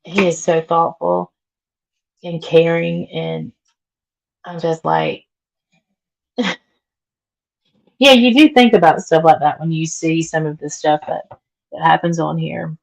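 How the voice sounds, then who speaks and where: This livestream host talks with viewers while she cleans her home, answering comments and laughing often in a voice worn down by illness. Her voice sits low and creaky, with a steady tone, a slow pace and frequent pauses. The audio is poor.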